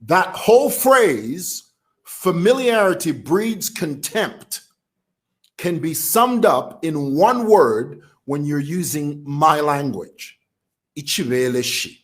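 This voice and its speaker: A man from Zambia with a Zambian accent, talking casually to camera as a vlogger who laughs while he talks. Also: fairly high pitch. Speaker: vlogger commentator.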